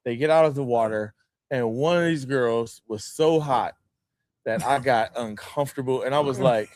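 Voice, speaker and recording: A man, a sports columnist telling a story in casual chat, animated and laughing as he acts out quotes. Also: medium pitch, normal speed.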